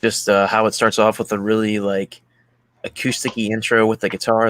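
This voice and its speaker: A man's voice: fairly low pitch, level tone, moderate pace, fairly bright tone, no room sound. A man hosting a casual music chat, enthusiastic and swearing freely as he talks through an album. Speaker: podcast host.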